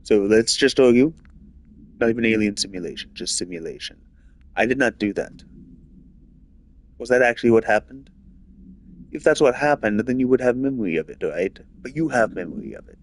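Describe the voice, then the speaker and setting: A man's voice: mid-range voice, lively intonation, brisk, a little hiss or hum. A man streaming a video game, rambling casually through a long train of thought with lots of filler words. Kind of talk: casual rambling commentary over gameplay.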